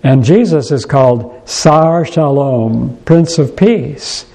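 Mellow-voiced man preaching with hesitations. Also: medium pitch, lively intonation, gravelly, low-quality recording. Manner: unhurried, thoughtful, frequent hesitations and restarts. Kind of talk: sermon.

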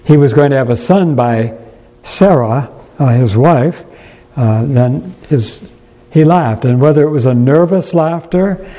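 A man preaches a sermon in a church with a warm, mellow voice at an ordinary pitch. He talks in an unhurried, thoughtful way. He often pauses and restarts his sentences as he works through a point. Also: rough recording.

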